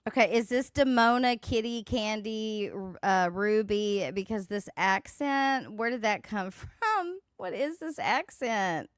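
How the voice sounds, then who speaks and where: A woman's voice: mid-range voice, expressive, slow pace, hardly any pauses, clean tone. A woman hosting a casual commentary livestream, mocking and swearing. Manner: sassy, mocking, swears a lot, laughs at clips. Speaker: livestream host.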